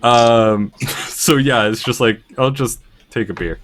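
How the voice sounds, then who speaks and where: A man's voice: medium pitch, takes it slowly, fairly bright tone. A man playing a tabletop game in a laid-back, chuckling way. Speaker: player. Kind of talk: casual tabletop play.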